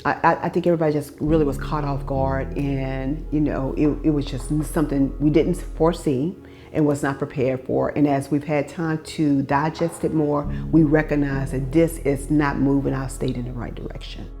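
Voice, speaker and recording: A woman's voice: rumbling low, fairly even intonation, moderate pace, dark tone, faint music behind. A woman with an American accent, answering an interview in a hesitant, thoughtful way.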